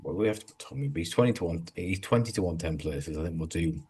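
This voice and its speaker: Deep-voiced man giving casual betting tips. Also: lively intonation, fast talker, darkish tone, husky. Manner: rambling, jokey, talks through betting tips. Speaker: podcast co-host. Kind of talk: casual podcast chat.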